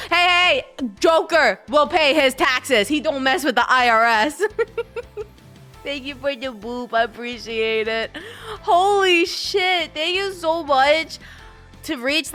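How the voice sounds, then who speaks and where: A woman's voice: sits high, pushed and bright. A woman streamer chatting casually with her viewers, giggling often and greeting them. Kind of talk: casual live-stream chat.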